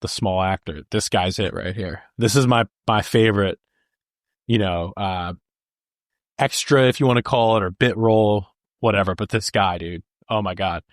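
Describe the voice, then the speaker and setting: A man's voice: fairly low pitch, moderate pace, no room sound, studio quality. A young man co-hosting a podcast, chatting casually about a movie, laughing often and quoting lines, with lots of "like" and "dude.". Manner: says "like" and "dude" a lot. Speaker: podcast co-host.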